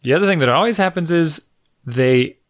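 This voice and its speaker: A man's voice: a little high, fairly quick. A man chatting casually about coaching kids' sports, acting out the kids and coaches in his stories. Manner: animated storytelling, acts out kids and coaches. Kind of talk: casual chat.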